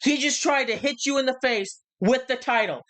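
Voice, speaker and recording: A man co-hosting a live review stream, chatting casually and ranting loudly. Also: very high-pitched, moderate pace. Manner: loud, animated ranting. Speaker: co-host of a wrestling review stream. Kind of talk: casual chat.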